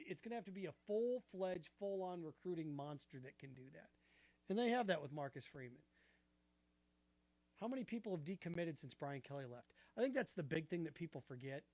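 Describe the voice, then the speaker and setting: Animated high-voiced sports talk host. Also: male voice, dry recording. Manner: animated, argumentative, rhetorical questions. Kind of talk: opinionated sports commentary.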